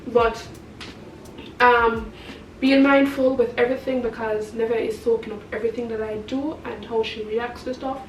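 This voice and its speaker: A woman's voice: on the high side, fairly even intonation, moderate pace, slight background noise. A woman vlogger and mother talking casually to camera, rambling from one thing to the next and laughing often. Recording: echoey, from a distance.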